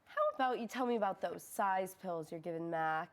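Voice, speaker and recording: An actress playing a therapist who questions her patients in a measured, dry and probing way, in a comedic student film. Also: lowish voice, lightly acted. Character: patient, increasingly exasperated woman therapist.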